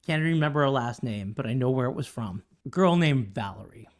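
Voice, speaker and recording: A woman's voice: rumbling low, expressive, brisk. A middle-aged woman, a teacher co-hosting a podcast, telling a funny classroom story in casual chat. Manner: chatty, teasing, puts on voices for quoted people.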